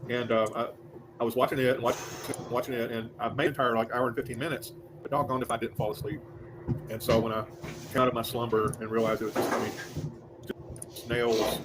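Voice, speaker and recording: Halting, folksy man on a noisy stream. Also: medium pitch, steady tone. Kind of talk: casual chat. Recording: noisy livestream audio.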